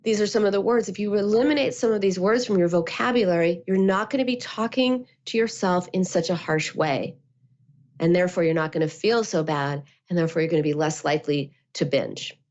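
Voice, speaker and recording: A woman, a therapist and author, giving calm, measured answers as a guest and acting out quotes as she explains. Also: on the low side. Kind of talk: interview answers. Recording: muffled lo-fi audio.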